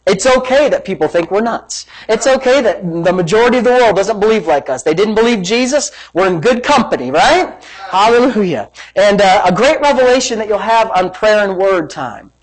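Energetic preacher driving a sermon home. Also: medium pitch, brisk, low-quality recording. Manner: energetic preaching with repeated phrases and rhetorical questions. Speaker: pastor. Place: church service.

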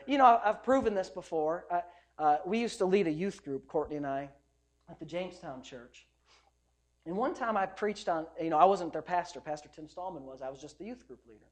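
Man, pastor, sermon, emphatic, conversational, loud and soft by turns. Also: high-pitched. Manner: emphatic, conversational preaching with swings in loudness.

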